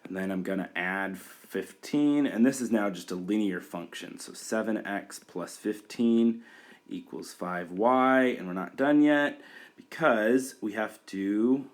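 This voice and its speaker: Low-voiced man teaching a math lesson. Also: a little slow. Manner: talks through steps aloud, frequent fillers and restarts. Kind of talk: whiteboard math tutorial.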